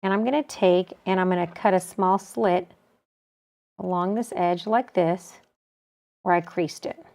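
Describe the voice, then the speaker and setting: A woman calmly explaining a quilting technique step by step as she works with her hands. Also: fairly low pitch, a little slow, gravelly, pauses often. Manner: calm, practical, talks while working with her hands. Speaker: quilting instructor. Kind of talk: step-by-step sewing tutorial.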